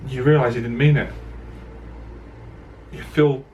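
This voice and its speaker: A man's voice: mid-range voice, steady tone, a little slow, darkish tone, a little hiss or hum. Emotional man speaking to camera. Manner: earnest, direct, repeats himself, voice catching with emotion. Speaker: dating coach. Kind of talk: emotional personal monologue to camera.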